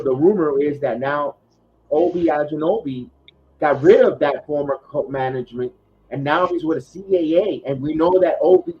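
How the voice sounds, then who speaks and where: A man hosting a casual sports podcast, talking in a rambling way with lots of fillers and restarts. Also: on the high side. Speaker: podcast host. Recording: dull lo-fi podcast audio.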